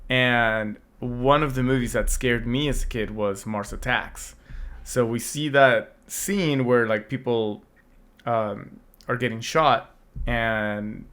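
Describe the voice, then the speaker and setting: A man in his thirties chats loosely on a podcast, his voice hoarse and slipping away. He laughs easily and keeps clearing his throat between rambling stories. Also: mid-range voice, fairly bright tone. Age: 30s. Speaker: podcast co-host. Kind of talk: casual chat.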